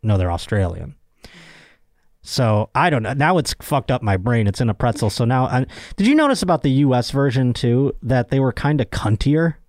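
A man's voice: medium pitch, lively intonation, moderate pace, darkish tone, no echo, clean studio sound. A young man hosting a podcast, rambling and joking crudely in casual chat. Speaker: podcast host.

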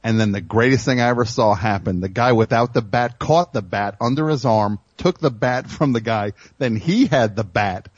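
A man's voice: medium pitch, normal speed, hardly any pauses, dry recording, highs cut off. A man hosting a comedy radio show in a studio, rambling through stories and teasing his crew. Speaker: host.

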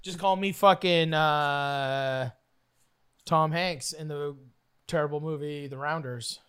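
A man's voice: a little high, steady tone, takes it slowly, fairly bright tone, clear, resonant tone. A man in casual banter, teasing and insistent.

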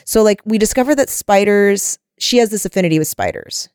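A woman in a mid-range voice retells a book's plot in a loose, chatty way, full of "like" and quick asides. The sound is dry, with no room around it. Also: mid-range voice, lively intonation, a little mellow, no echo. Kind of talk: casual book discussion.

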